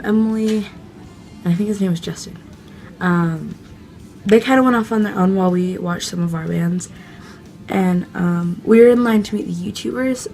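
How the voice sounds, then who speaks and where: A young woman vlogger excitedly telling a casual story, gushing and full of fillers. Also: on the low side, vocal fry.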